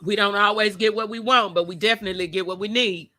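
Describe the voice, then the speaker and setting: A woman's voice: medium pitch, fairly even intonation, fast, pushed and bright. A woman hosting a casual livestream chat outdoors, talking with feeling and greeting viewers by name. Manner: emotional. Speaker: host of a live chat show. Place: outdoors by a motion-sensor light.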